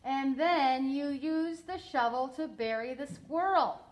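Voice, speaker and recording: A woman voicing a stern, exasperated middle-aged mother who spells out every word slowly and insistently. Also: fairly high pitch, lightly acted.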